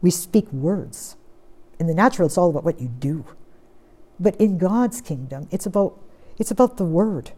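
A woman preaching a sermon, reading scripture aloud and pressing points with strong stress that drops to quiet, steady lines. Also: fairly low pitch, normal speed. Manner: emphatic, swings from loud stress to quiet.

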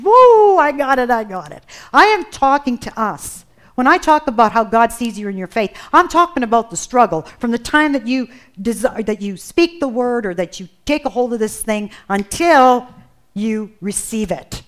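Female preacher, fairly high voice, earnest, emphatic repeats, sermon delivery. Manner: earnest, builds in intensity with emphatic repetition.

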